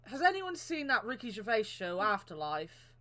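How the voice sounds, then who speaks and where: A woman's voice: mid-range voice, big pitch swings, fairly bright tone. A young woman co-hosting a podcast, chatting casually, swearing freely and getting emotional. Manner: swears a lot, emotional and quick to cry. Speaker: podcast co-host. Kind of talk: casual chat.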